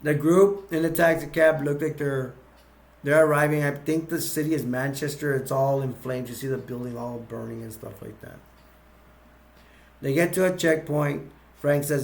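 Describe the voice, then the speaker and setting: A man casually retelling a movie plot, rambling and halting with many fillers. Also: medium pitch, creaky. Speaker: movie recap youtuber.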